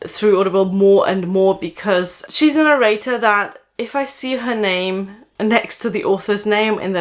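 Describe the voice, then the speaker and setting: A woman with a slight German accent, a book vlogger casually recommending audiobook narrators and pausing often to think. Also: mid-range voice, a bit bright. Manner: thoughtful, with frequent "uh" pauses.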